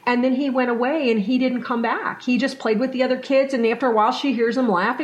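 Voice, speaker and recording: A middle-aged woman trainer telling stories in an animated, conversational way, now and then acting out the people she quotes. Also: a little high, fast, few pauses, highs cut off. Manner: animated, acts out quoted voices. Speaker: workplace culture trainer and guest. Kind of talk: conversational storytelling.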